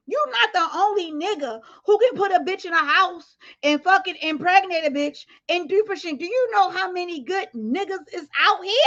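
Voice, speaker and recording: A woman's voice: very high voice, fairly bright tone. Woman going off on a livestream, blunt and cussing, bit of a dull sound. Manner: blunt, profane, addresses viewers directly. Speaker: livestream commentary host. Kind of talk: casual livestream commentary.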